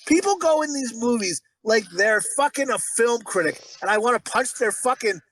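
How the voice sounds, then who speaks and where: A man's voice: very high-pitched, normal speed, slight background noise. A man co-hosting a crude movie review podcast, ranting and swearing freely. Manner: profane, ranting, animated. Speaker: podcast co-host. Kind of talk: casual movie review chat.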